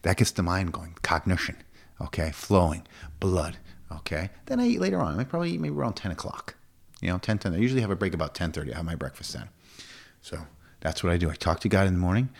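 A fitness coach from the United States in his forties talks casually and emphatically in an interview, often repeating himself. His gravelly, sing-song voice swings quickly up to a high pitch.

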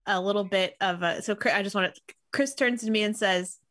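A woman's voice: medium pitch, fairly quick, fairly bright tone, no room sound, studio quality. A woman co-hosting a casual movie podcast, chatty, laughing often, with lots of ums. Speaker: podcast co-host. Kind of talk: casual movie-review chat.

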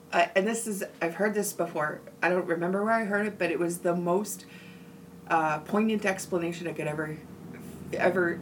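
A woman's voice: fairly low pitch, far from the mic, a little hiss or hum, poor audio. A woman co-hosting a podcast, talking earnestly and emphatically about her family and a past relationship. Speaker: podcast co-host. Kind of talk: candid personal conversation.

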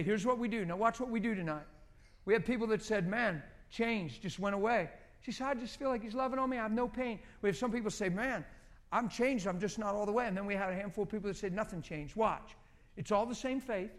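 A middle-aged male pastor preaching and leading a congregation in prayer, conversational and exhorting, repeating short commands. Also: high voice. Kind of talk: sermon leading group prayer.

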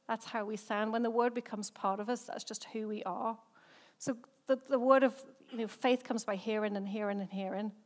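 An English woman preaches a sermon in a relaxed, chatty manner, often breaking off to ask the congregation questions. Her voice sits a little higher than most women's. She is middle-aged, and her accent has softened after years among Irish speakers. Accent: English, softened by time living in Northern Ireland. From England. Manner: conversational, chatty preaching with frequent restarts and rhetorical questions. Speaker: senior pastor.

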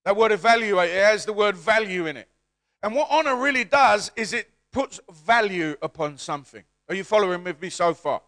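Man, pastor, sermon, high voice, bright tone, call-and-response, rising to shouts. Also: expressive, a little fast.

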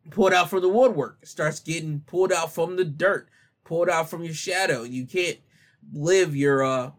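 A man reading out a news story and then commenting on it in a slangy, animated way. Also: fairly high pitch. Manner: animated, exclaiming and laughing at the story; slangy, informal talk.

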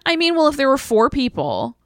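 A woman's voice: sits high, huge pitch swings, a little fast, no room sound, clean studio sound. A woman talking casually about a movie as a podcast co-host, chatty and full of "like" fillers. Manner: chatty, filler-heavy with frequent "like".

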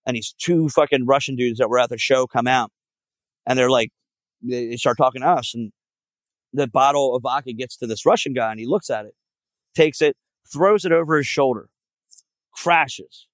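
A man spins a long, meandering story from the road as a podcast guest, swearing freely and packing his sentences with fillers. His voice sits at an ordinary pitch, and the sound is dry and close with little room around it. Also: moderate pace, no room sound. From Philadelphia area. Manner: rambling, profane, many fillers. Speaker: podcast guest, band frontman. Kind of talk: casual storytelling.

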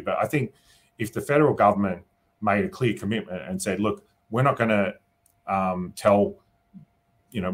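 Husky low-voiced Australian man. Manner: thinking aloud, often adds "you know" and "right?". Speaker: politician guest. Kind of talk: casual interview answers.

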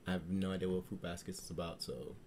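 Male co-host, very low voice, relaxed halting chat, faint background noise. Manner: relaxed, hesitant, lots of ums. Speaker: podcast co-host. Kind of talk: casual chat.

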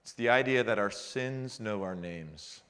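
A man's voice: lowish voice, unhurried. Man preaching a conversational sermon. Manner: conversational preaching, builds to animated frustration in anecdotes. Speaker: pastor.

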